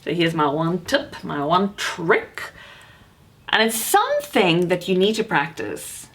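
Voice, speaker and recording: A woman's voice: lowish voice, very animated, slow, background noise. A voice coach and actor, a woman, teaching how to project the voice, speaking emphatically and encouragingly. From South Africa. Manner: emphatic, encouraging, demonstrates shouting. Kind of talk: vocal coaching lesson to camera.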